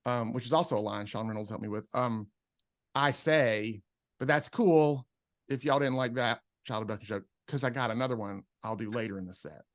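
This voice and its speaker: A man's voice: mid-range voice, moderate pace, no room sound, studio quality. A man who is a comedian, telling stories in a casual podcast chat and acting out the people he quotes. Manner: animated storyteller, acts out quotes. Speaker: comedian guest.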